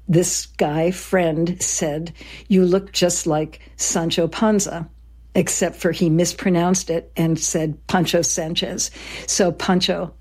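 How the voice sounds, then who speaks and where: A woman co-hosting a history podcast, speaking a little low. She is chatty, with fillers and personal asides. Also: a little mellow, breathy edge. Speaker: podcast co-host. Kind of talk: conversational history storytelling.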